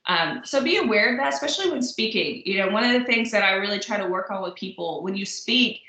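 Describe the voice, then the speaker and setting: A woman's voice: medium pitch, animated, fast talker, pushed and bright. A woman instructor giving a recorded lecture in a conversational way, with frequent fillers and asides. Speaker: college instructor. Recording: echoey room.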